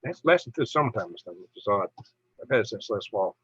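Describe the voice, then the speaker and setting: A man's voice: lowish voice, sing-song, fast, a bit bright, husky, dry recording, lo-fi sound. A middle-aged man hosting a casual live stream, reading viewer comments aloud in a chatty, tired way. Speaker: livestream host.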